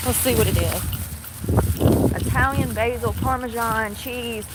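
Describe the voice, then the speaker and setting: A woman's voice: a little high, normal speed. Young woman, casual vlog chatter, phone mic, noisy outdoor background. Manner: chatty, self-deprecating, swears casually. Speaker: vlogger.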